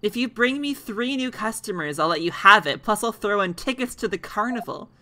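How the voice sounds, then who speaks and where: A cheerful game fry vendor with a salesy pitch, voiced by a woman reading the lines. The voice is bright and the tone is friendly. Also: animated, a little fast. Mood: upbeat. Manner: salesy, upbeat.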